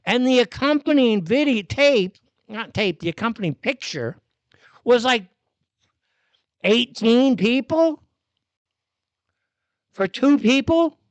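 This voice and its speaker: A man's voice: extremely high pitch, lively intonation, slow pace, long pauses, dry recording, highs cut off. A man hosting a live commentary show, ranting bluntly and swearing often.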